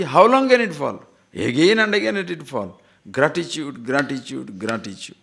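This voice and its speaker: A man's voice: medium pitch, a bit bright. A man giving a scripture lecture as a spiritual teacher, asking rhetorical questions and repeating words for emphasis.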